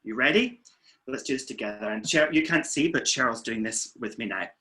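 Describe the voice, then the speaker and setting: A man, a weight-loss coach, calmly guiding listeners through muscle tensing and breathing exercises. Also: medium pitch, a little fast, breathy edge. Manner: calm, steady counting and coaching. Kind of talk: guided relaxation instructions. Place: indoors, filming himself.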